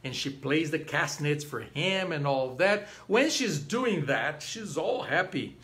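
A man with a high, lively voice gives an informal opera lecture. He acts out the characters as he tells the plot and breaks into short snatches of the arias. His pitch swoops up and down with the story. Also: unhurried. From Brazil.

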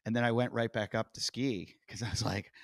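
A middle-aged man hosting a podcast, telling stories in a casual, animated way and acting out quotes. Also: mid-range voice, brisk, creaky, dry recording, clean studio sound. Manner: animated storyteller, acts out quotes loudly. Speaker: podcast host. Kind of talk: casual interview chat.

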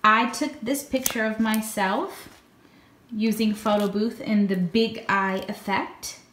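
Slow-talking woman teacher giving instructions. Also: medium pitch, fairly even intonation, a bit bright. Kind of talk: craft demonstration for kids. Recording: echoey room, faint noise.

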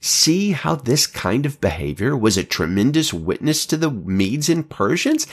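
A man teaching a Bible passage in an earnest, animated way, with a brief joke. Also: mid-range voice, unhurried, slightly rough. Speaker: pastor.

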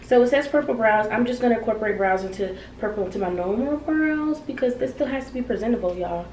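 A woman's voice: on the high side, expressive, fast talker, a little mellow. A young adult woman co-hosting a casual, playful chat about a makeup challenge, recorded from a distance in an echoey room. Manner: chatty, playful, says y'all. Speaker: co-host. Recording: echoey room, mic far off, noisy.

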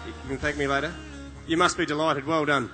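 Bright-voiced New prizegiving MC man. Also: on the high side, fairly even intonation, a little fast, faint music behind. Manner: friendly, formal announcing with banter. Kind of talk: live prizegiving announcing.

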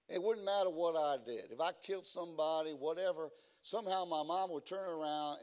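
A somewhat high-voiced man preaching a sermon in a church. He often stumbles over fillers and restarts mid-phrase. At other times he climbs into loud, emphatic preaching cadences. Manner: halting with many fillers, building to shouted emphatic preaching. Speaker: guest preacher.

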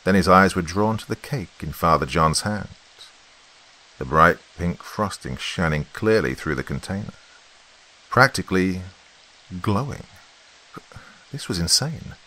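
A man with a low voice reads a horror story aloud as host. His telling is dramatic and lively, leaning into each scene. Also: low-quality recording. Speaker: host and narrator.

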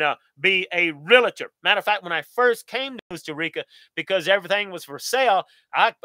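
Guy doing a live q&a, folksy and upbeat, bright high voice. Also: no room sound. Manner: folksy, upbeat, talks straight to viewers. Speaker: channel host. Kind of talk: live Q&A stream.

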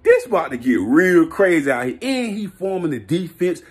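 A man vlogging a hyped, slangy football rant, laughing and repeating himself in his excitement. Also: high-pitched, moderate pace. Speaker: sports vlogger.

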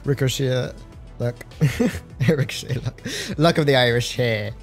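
A young man doing live gameplay commentary on a stream, excitable and slangy, joking and talking to his chat. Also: mid-range voice, unhurried, faint music behind.

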